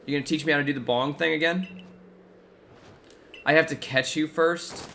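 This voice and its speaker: A man's voice: on the high side, steady tone, moderate pace, gravelly, sharp tone, slight background noise. A man chatting casually while playing a game live, reacting aloud to what happens on screen. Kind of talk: casual gameplay commentary.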